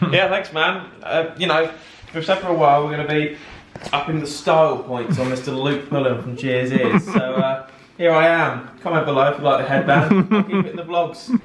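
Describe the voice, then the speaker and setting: A young man jokes and teases his family in a loose, easy way. His voice is a little higher than most men's. He sounds echoey, with other voices close around him. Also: normal speed, crowd noise. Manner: joking, says "man" and "mate". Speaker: family member, vlog regular. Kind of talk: casual chat.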